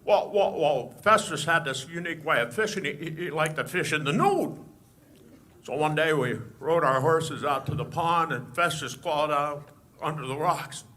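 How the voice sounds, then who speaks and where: A man's voice: a little high, expressive, bright, forceful tone. Man doing a stammering old cowboy drawl. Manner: halting, stuttering repeats. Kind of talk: stand-up impression.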